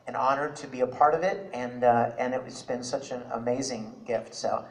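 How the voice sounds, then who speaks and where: A man's voice: mid-range voice, steady tone, moderate pace, low-quality recording. A man who is a voice actor, answering an audience question on a convention panel in an earnest, grateful, rambling way.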